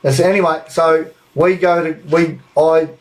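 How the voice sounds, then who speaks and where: A young Australian man telling a story on a live podcast, animated and swearing freely. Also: on the high side, moderate pace, poor audio. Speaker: podcast co-host.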